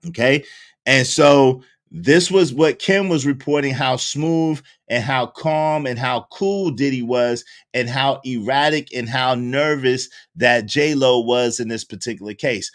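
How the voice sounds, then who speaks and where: A man hosting casual commentary, recapping a book and acting out the people in it with lively storytelling. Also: mid-range voice, unhurried. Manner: animated storytelling, acting out quoted voices. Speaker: host.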